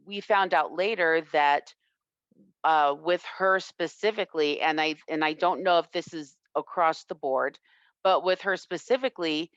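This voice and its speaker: A woman self-defense instructor telling a personal story in an interview, reflective and earnest with halting restarts. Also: deep voice, a bit bright, no echo. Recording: dull lo-fi, dry sound.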